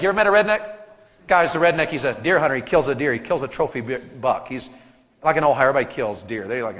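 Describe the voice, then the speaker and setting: A man from Tennessee preaching a sermon to teenagers, telling stories animatedly with sudden loud shouts. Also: mid-range voice, lively intonation, fast talker. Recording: long reverb of a big hall.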